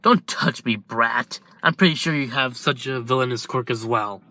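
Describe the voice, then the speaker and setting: A man's voice: mid-range voice, normal speed, bright, forceful tone, lightly acted. A man voicing a contemptuous male doctor who scorns his patient in a fan story. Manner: scornful, dismissive.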